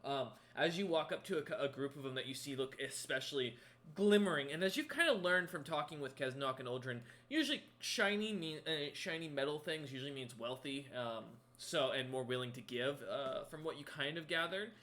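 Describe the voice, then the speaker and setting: A man's voice: fairly high pitch, animated, a little fast, bright, forceful tone. A man narrating as game master of a tabletop role-playing game, rambling with many ums and self-corrections.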